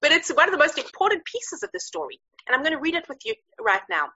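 A woman teaching a Bible story in a lively, chatty way, with frequent fillers and searches for words. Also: high-pitched, fast talker, dull audio. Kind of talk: animated storytelling lesson.

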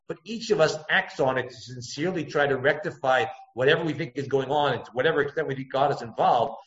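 A man giving a text-study lecture as a Torah teacher, thinking aloud, circling back to points and jumping his pitch up to act out quotes. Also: a bit bright. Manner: thoughtful, digressive, acts out quotes with pitch jumps. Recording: echoey room, dull lo-fi sound.

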